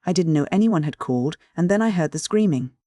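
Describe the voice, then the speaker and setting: An audiobook reader voicing a frightened, hysterical young housemaid in a high, tearful voice. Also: animated, fast talker, warm tone, dry recording, studio quality, close to an everyday voice. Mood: frightened, sobbing.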